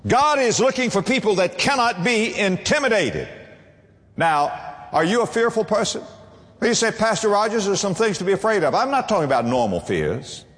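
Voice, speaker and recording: Man pastor preaching, lively ups and downs, slightly high voice, long hall reverb. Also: moderate pace. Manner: emphatic preaching, swings between low and high. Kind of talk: sermon.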